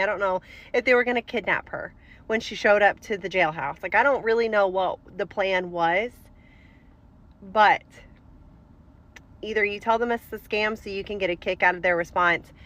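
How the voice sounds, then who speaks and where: A woman's voice: medium pitch, fairly bright tone. A woman telling a story in a casual storytime monologue, chatty and amused, with fillers. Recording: dull lo-fi recording with faint noise.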